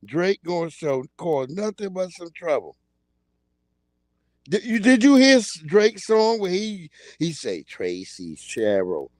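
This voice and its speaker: A man hosting a livestream, chatting in a casual comedic way, laughing often and acting out loud yelled quotes. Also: high-pitched, a little slow, dry recording. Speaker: livestream host.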